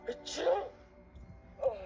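A man's voice: sits high, sing-song, a little slow. Man playing a laid-back slangy young conductor. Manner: casual, slangy, sighing. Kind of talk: fan dub voice acting. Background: music.

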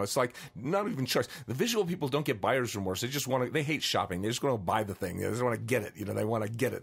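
A man giving a casual spoken lesson on persuasion, conversational and relaxed, acting out customers and salesmen as he goes. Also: medium pitch, slightly rough. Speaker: mindfulness teacher.

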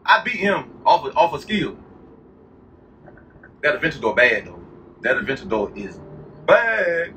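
A man's voice: on the high side, sing-song, a little slow, long pauses, sharp tone. A man vlogging from a drag strip, boasting and trash-talking his rival and repeating his brags. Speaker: YouTuber, drag racer. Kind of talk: hyped casual vlog talk. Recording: distant, dull lo-fi sound with faint noise.

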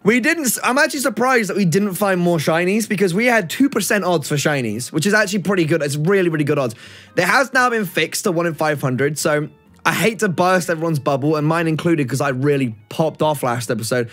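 A man's voice: fairly high pitch, animated, fairly quick, fairly bright tone, faint music behind. A young man hosting a casual gaming chat, chatty and self-deprecating as he explains things. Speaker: channel host.

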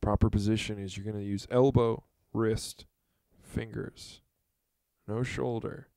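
A man giving a drum lesson, talking in a halting, earnest way and counting out beats as he demonstrates. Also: on the low side, fairly even intonation, gravelly, dark tone, no room sound. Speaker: drum teacher. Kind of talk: instructional demonstration.

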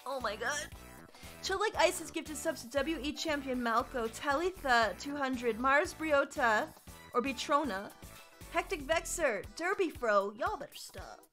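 A woman's voice: high voice, animated, measured pace, pushed and bright, faint music behind. A woman streaming live as a VTuber, reading out long lists of supporter names and breaking into dramatic outbursts. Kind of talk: live game stream chat.

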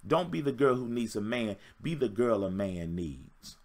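A man's voice: lowish voice, sing-song, moderate pace, darkish tone. A man in his fifties, a relationship coach giving an emphatic, preachy motivational talk on a livestream and repeating his points. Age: 50s. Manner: emphatic, repetitive, preachy exhortation.

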